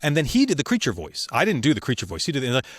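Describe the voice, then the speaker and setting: A man, a voice actor as a podcast guest, telling studio stories in a lively way, laughing and acting out the voices of the people he quotes. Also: mid-range voice, racing, no echo. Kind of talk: animated storytelling in conversation.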